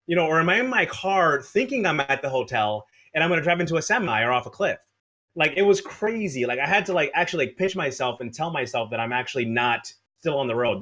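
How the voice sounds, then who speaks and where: A man, a podcast guest, telling an exaggerated road-trip story in casual, animated chat. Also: a little high.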